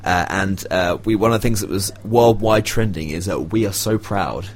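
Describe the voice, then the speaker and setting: A man's voice: low-pitched, moderate pace, a little hiss or hum. A man hosting a casual radio show, chatty and laughing often, with rambling asides. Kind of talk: casual student radio chat.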